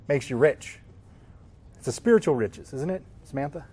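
A man's voice: on the high side, animated, normal speed, darkish tone. A man teaching a Sunday school class on the Bible in an informal, conversational way, often checking in with the class by asking "right?".

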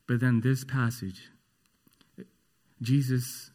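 Male pastor, mid-pitched, slow and earnest sermon delivery. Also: little pitch movement, dark tone. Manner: slow, earnest, emphatic preaching. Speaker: preacher.

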